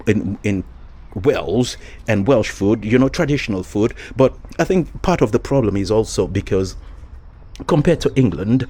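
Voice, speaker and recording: Vlogger type: man, low-ish husky voice, loose rambling delivery full of ums and restarts, chuckles as he goes. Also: a little mellow. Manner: hesitant, many fillers and restarts, chuckles often. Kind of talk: casual rambling monologue.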